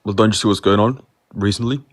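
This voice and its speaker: A man in his late teens, calling in to a debate and speaking in a hesitant, halting way. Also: fairly low pitch, steady tone, no room sound. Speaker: caller. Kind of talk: call-in debate.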